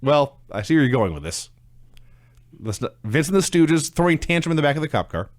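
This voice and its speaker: A man's voice: a little high, very animated, fairly quick, no echo. A man co-hosting a casual podcast, recapping wrestling events in a matter-of-fact way with dry humor. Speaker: podcast co-host.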